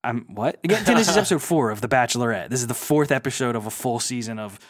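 A man casually retelling a reality show, with animated storytelling and mocking impressions of the people he quotes. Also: medium pitch, very fast. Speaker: podcast co-host.

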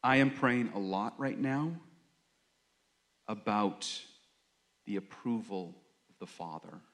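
A man giving a reflective sermon, earnest and confessional, speaking haltingly with many pauses and fillers. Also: fairly low pitch, a bit bright. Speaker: worship leader or preacher.

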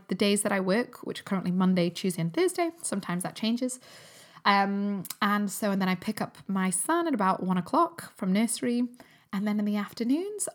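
Chatty upbeat woman, fairly high voice. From Newcastle, England. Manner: chatty and upbeat, laughs often. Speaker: podcast host and health coach. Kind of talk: casual solo podcast chat.

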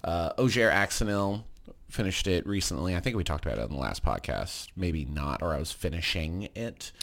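Lively low-voiced podcast guy. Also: normal speed, gravelly. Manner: animated, swears casually, enthusiastic rants. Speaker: podcast co-host. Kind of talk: casual chat about games.

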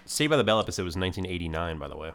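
Male co-host, low voice, quick interjecting questions. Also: sing-song, fairly bright tone, slight background noise. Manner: chiming in with short questions. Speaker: podcast co-host. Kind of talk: casual chat.

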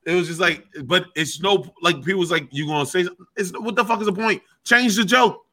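A man who is a stand-up comic, chatting casually and telling animated stories, swearing freely and acting out what people said. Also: high-pitched, fairly quick. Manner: animated storyteller, swears freely, acts out quotes. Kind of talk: casual podcast chat.

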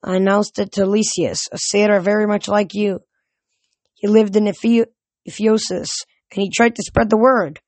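A woman voicing an ancient, fading nature god who speaks slowly and solemnly. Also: mid-range voice, fairly even intonation, a little mellow, no room sound, lightly acted. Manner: slow, solemn, forlorn.

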